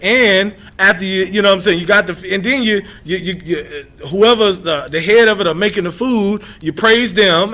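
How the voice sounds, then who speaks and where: High bright-voiced guy teaching bible, loud and repetitive, bossing readers around. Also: moderate pace, few pauses. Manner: emphatic, repetitive, calls on readers by title. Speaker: scripture teacher. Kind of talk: informal street-style Bible lesson.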